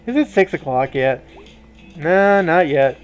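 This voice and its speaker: A man reading a game's dialogue aloud in a let's play, voicing the characters, his pitch jumping high on questions. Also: animated, a little slow, faint music behind. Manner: switches between many character voices, often jumping high for questions.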